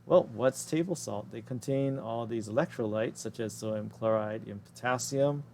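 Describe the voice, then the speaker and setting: A man teaching an anatomy and physiology lesson over slides, explaining in a casual way that often corrects itself mid-sentence and drifts into quick asides. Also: mid-range voice, darkish tone, a little hiss or hum. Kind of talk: recorded lecture over slides.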